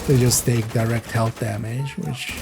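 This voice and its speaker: A man's voice: medium pitch, steady tone, a little slow, creaky, background noise. A man streaming a video game, giving casual, rambling commentary with sarcastic asides.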